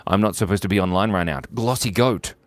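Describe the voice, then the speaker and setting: A man hosting a casual live drawing stream, playful and jokey, reading viewers' names and shout-outs aloud as he draws. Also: sits low, fairly even intonation, very fast.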